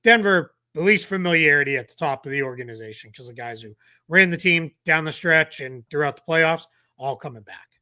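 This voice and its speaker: Brief: upbeat male co-host, bright tone, lively talk, acts out quotes. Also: fairly high pitch, fairly quick. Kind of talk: casual sports talk.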